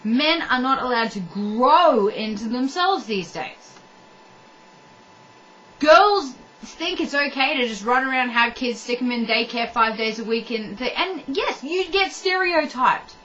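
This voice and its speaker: A woman's voice: on the high side, expressive, measured pace, sharp tone, lo-fi sound, a little hiss or hum. A woman ranting to the camera in a blunt, heated way, swearing and talking straight to the viewer. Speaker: vlogger. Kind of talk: ranting monologue.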